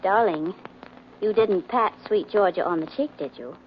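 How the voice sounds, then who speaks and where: A woman's voice: medium pitch, moderate pace, slight background noise, natural voice. An actress playing a playful, teasing girlfriend in 1940s radio acting. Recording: lo-fi old radio recording.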